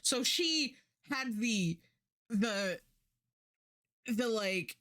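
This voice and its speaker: A woman's voice: fairly high pitch, expressive, extremely slow, a bit bright, no room sound, studio quality. A woman streamer chatting casually, rambling and swearing, acting out the lines she quotes. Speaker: Twitch streamer.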